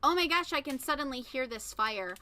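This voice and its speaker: A woman streaming a browser game, chatting and reacting excitedly out loud as she plays. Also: sits high, fairly quick. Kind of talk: casual live game stream commentary.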